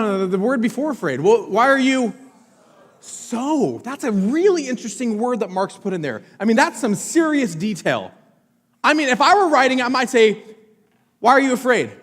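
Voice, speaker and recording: Male pastor, high and expressive, conversational sermon with questions to the room, reverberant church hall. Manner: conversational preaching, quizzes the congregation. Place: church sanctuary.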